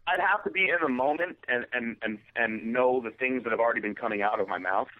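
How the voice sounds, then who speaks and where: Wry male co-host over a tinny line. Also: mid-range voice. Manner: crude, wry, halting with fillers. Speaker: podcast co-host. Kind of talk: casual chat.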